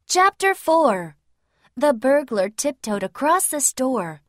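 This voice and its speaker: A woman reads a children's picture book aloud, slow and clear. Her slightly high voice rises and falls a lot, and the recording is close and dry. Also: very animated, fairly bright tone, dry recording. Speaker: storyteller. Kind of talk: reading a children's storybook aloud.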